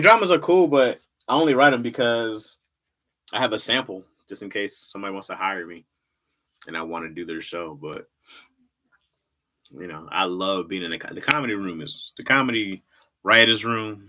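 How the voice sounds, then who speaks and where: Low, bright-voiced laid-back man. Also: moderate pace. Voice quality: laid-back, slangy, laughs often. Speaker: livestream host and comedy writer. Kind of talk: casual livestream chat with viewers.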